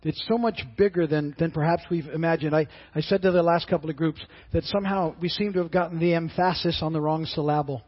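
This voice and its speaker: A middle-aged male pastor preaches in an earnest, halting way, his high voice husky and slightly rough. He stumbles and repeats words as he builds his point. The audio is muffled and lo-fi. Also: steady tone. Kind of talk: sermon.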